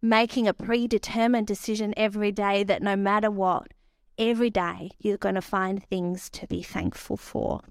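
A woman, preaching a sermon and telling stories with animated quoted voices. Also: mid-range voice, normal speed, no echo, clean studio sound.

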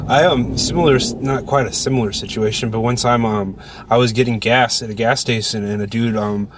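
A man's voice: mid-range voice, fairly even intonation, a little fast. A man co-hosts a podcast from inside a car, drifting through his thoughts with plenty of fillers. His delivery is sardonic and offhand. A faint road hum sits behind him. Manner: rambling, sardonic, full of fillers. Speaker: podcast co-host. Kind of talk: casual chat.

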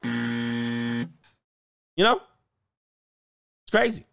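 A man's voice: medium pitch, big pitch swings, very slow, gravelly, fairly bright tone, no echo, clean studio sound. A dating coach giving blunt, profane reaction commentary, laughing at his own points and firing off mocking rhetorical questions.

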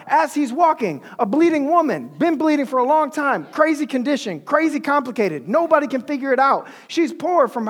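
High-voiced, slangy preacher in a hall. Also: male voice. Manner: animated, slangy, conversational. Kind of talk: casual sermon storytelling. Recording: long hall reverb.

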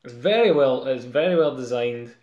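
An easygoing man co-hosting a comics chat. He talks keenly at a middling pitch, with a roomy echo around him. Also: expressive, moderate pace, darkish tone, muffled recording. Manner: chatty, keen and easygoing. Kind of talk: casual chat about comics.

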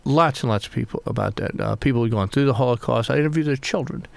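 A middle-aged man from the American South, an author being interviewed, speaking reflectively with many halting restarts. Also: mid-range voice, vocal fry, no room sound. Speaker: author guest. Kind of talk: conversational interview.

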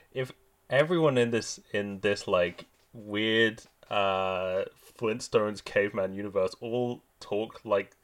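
Low, lively-voiced man musing wryly. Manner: hesitant, wry, questioning. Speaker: podcast co-host. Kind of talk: casual comedic chat.

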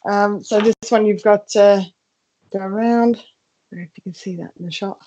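A woman's voice: mid-range voice, steady tone, normal speed, mellow, highs cut off. A young woman comedian doing a comic show-and-tell over a video call from her front room, chatty and self-mocking, with lots of fillers and restarts. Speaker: comedian guest. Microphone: video call from home.

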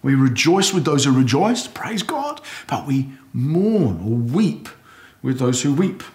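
Earnest preacher in an echoey hall. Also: male voice, mid-range voice, lively intonation, unhurried. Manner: earnest, conversational, acts out anguished prayers loudly. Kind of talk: sermon.

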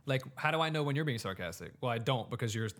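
A man's voice: medium pitch, lively intonation, quick pace, a bit bright. A man in casual conversation about a Bible passage, thinking aloud and leaning on "like" as he talks. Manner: thinks aloud, heavy use of "like". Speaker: podcast co-host discussing scripture. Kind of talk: casual chat.

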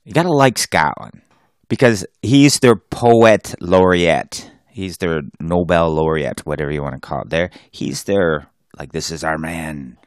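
A very deep-voiced man co-hosting a casual podcast with a lively, swooping delivery. He jokes and laughs, breaking into growled pirate-speak, and the sound is dry and close. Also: a little slow, smooth, no echo. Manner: jokey, laughing, slips into growled pirate talk. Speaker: podcast co-host.

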